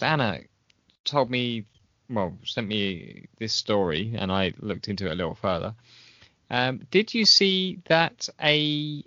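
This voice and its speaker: A man's voice: medium pitch, sharp tone, no room sound. A man hosting a podcast in casual comedy banter, laid-back and hesitant, with lots of ums. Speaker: podcast host. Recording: dull muffled sound.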